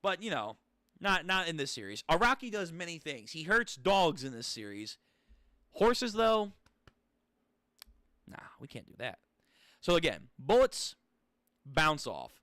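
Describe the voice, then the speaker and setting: Excitable young man reading manga. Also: a little high, measured pace, pauses often, dry recording, studio quality. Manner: excitable, joking, profane asides. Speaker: channel host reading a manga. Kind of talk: casual manga read-through commentary.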